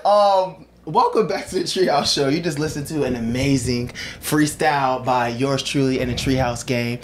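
A man's voice: mid-range voice, moderate pace, slight background noise. A man hosting a podcast in casual chat, loose and slangy, talking with enthusiasm. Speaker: podcast host.

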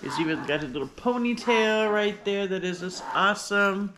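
A woman hosting a casual unboxing vlog, talking in a gushing, excitable way. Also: mid-range voice, normal speed, background noise. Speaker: vlogger host. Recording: paper crinkling and clicks behind.

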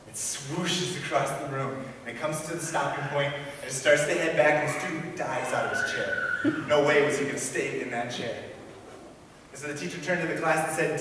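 A man preaching a sermon in a church, telling stories and dropping to a hush for suspense. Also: medium pitch, fairly quick, noisy background. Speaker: pastor. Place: church sanctuary. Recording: echoey church hall, mic at a distance.

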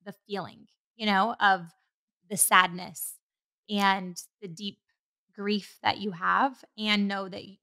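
Woman podcast host, casual and encouraging; bright, slightly gravelly voice. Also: medium pitch. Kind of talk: faith-centered podcast interview.

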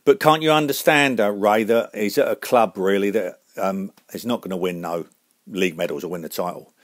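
A man's voice: lowish voice, normal speed, no room sound, clean studio sound. A man hosting a comedy radio show, announcing guests with showman flair.

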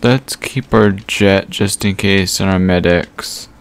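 A man giving casual gameplay commentary, thinking aloud as he sorts through items with frequent pauses and fillers. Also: low-pitched, vocal fry, clean tone. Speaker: gaming channel host.

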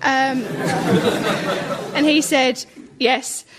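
A woman's voice: high-pitched, very slow, over a noisy crowd, very noisy. A woman, a comedian on a studio panel show, telling a chatty, self-deprecating story and laughing often. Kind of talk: comic anecdote on a panel show.

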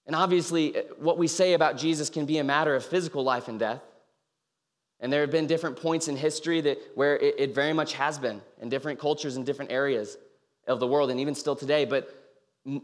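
A man's voice: on the high side, a little fast. A young man giving an informal sermon, telling the story casually with many fillers and acting out the people he quotes. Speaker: campus ministry speaker. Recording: reverberant hall.

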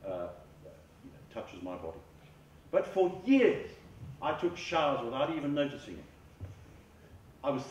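A man speaking as a mindfulness therapist, giving a measured, earnest lecture and often repeating his words. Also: mid-range voice, slight background noise. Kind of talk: reflective public lecture. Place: large school hall. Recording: echoey hall, far from the mic, faint ambience.

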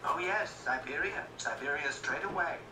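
A man's voice: fairly high pitch, expressive, moderate pace, very noisy, voice pushed up, close to an everyday voice. A man voicing an obsequious, gossipy official who talks in an eager, ingratiating, sometimes stammering way. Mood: fawning. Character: fawning obsequious male official, gossipy know-it-all. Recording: roomy echo, distant mic, music behind.

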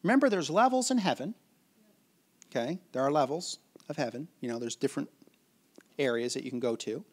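A pastor with an expressive, mid-range, somewhat dark voice preaches briskly and conversationally. While explaining a scripture passage, he often asks his listeners questions and chuckles.

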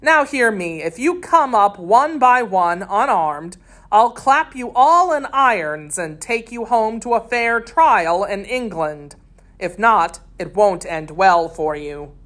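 Commanding ship captain in a storybook, a woman playing him; clipped, unbending, slow. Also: medium pitch, lively intonation, fairly bright tone. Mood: stern.

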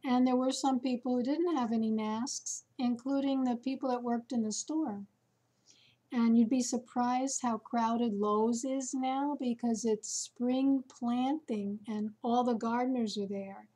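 A woman chatting casually to her viewers, telling a story slowly with many fillers. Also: a little high, fairly even intonation, mellow. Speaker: vlogger. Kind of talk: casual chat to camera.

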